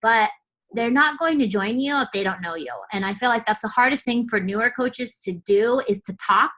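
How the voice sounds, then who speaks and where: A woman's voice: a little high, normal speed, a bit bright, poor audio. A woman coach giving a motivational team training talk, fired up and blunt, casual with swearing and lots of "like" fillers.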